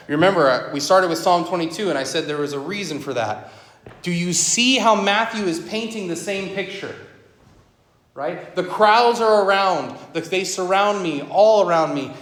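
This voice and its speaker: Man, pastor, conversational sermon, somewhat high voice, roomy echo. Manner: conversational preaching with rhetorical questions. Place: church sanctuary.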